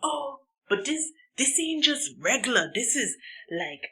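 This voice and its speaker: A woman's voice: high-pitched, very animated, sharp tone, breathy edge, pitched above the performer's own voice, full character voice. Woman doing a cocky bragging guy. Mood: boastful. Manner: boastful, slow and drawn out. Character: cocky young man bragging about pills.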